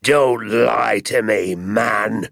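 A man voicing a furious, bullying rich landowner who shouts and blusters at his neighbours. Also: on the low side, drawn-out words, gravelly, dry recording, studio quality, heavily acted. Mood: yelling.

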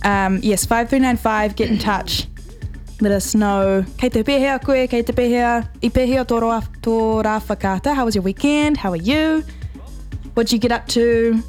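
A woman's voice: a little high, moderate pace, darkish tone, soft background music. A woman with a New Zealand accent co-hosting a breakfast radio show, chatting casually and upbeat, weaving te reo Māori greetings into her English.

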